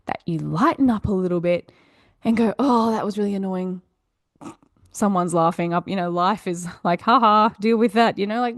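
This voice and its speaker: A woman's voice: on the low side, darkish tone, no echo, clean studio sound. A woman hosting a self-help podcast, talking in an upbeat, encouraging, chatty way. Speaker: podcast host. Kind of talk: motivational podcast monologue.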